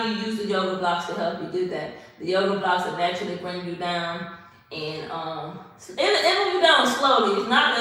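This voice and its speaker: A woman's voice: medium pitch, fairly bright tone, far from the mic. A woman hosting a casual stretching livestream, chatty and sassy, talking straight to her viewers and a little winded from the effort. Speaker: livestream host doing a stretching session. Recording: very echoey room, voice off-mic.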